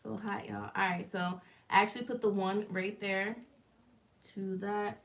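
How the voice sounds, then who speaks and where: A woman's voice: medium pitch, little pitch movement, moderate pace. A woman hosting a casual live stream from her living room, chatting straight to her viewers and explaining each step as she makes merch. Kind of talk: casual live chat while crafting.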